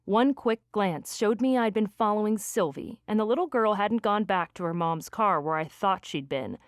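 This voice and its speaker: A woman reading a first-person romance audiobook with lively, expressive delivery on a close studio mic. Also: mid-range voice, moderate pace, smooth, no room sound. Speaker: audiobook narrator.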